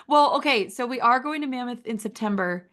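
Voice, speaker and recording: A woman walking through a website critique in a relaxed, conversational way. She talks casually and encouragingly, filling her sentences with "like" as she thinks aloud. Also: on the high side. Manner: chatty, encouraging, uses "like" a lot. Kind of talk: casual screen-share critique.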